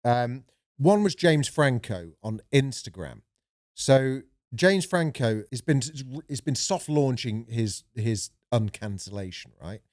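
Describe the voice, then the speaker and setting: A man's voice: medium pitch, expressive, slow, darkish tone, no room sound. Sardonic man on a podcast. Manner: dry, sardonic, swears freely, puts on voices for quotes. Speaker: podcast co-host. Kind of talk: casual comedic chat.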